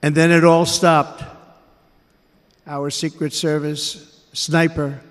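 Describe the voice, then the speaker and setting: An American man in his seventies giving a speech to a rally crowd in a large indoor arena, measured and emphatic, repeating his phrases. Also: on the high side, level tone. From United States. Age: 70s. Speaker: political candidate. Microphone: podium microphone. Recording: echoey arena with crowd noise.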